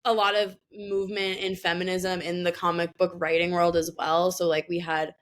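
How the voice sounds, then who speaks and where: Chatty young woman, lowish voice. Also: moderate pace. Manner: chatty, animated, many fillers and laughs. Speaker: podcast guest. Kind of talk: casual chat.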